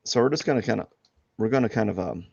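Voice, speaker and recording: Low-voiced man rambling while he draws. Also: quick pace, creaky, slightly rough, no room sound. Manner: rambling, many restarts and fillers, laughs at himself. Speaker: artist streaming live drawing. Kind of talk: casual talk while drawing live. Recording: dull lo-fi dry sound.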